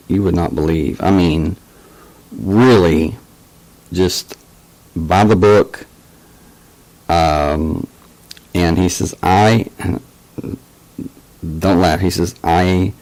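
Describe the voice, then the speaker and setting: Slow, deep-voiced man telling a story. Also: a little mellow, rough recording. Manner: hesitant, full of fillers and restarts. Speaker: channel host telling a personal story. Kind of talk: casual spoken storytelling.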